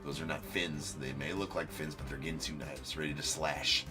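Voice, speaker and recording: Deep-voiced joking stream host. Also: male voice, fairly even intonation, moderate pace, music in the background. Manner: joking, teasing banter aimed at a viewer. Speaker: host of a live card-breaking stream. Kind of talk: live-stream commentary.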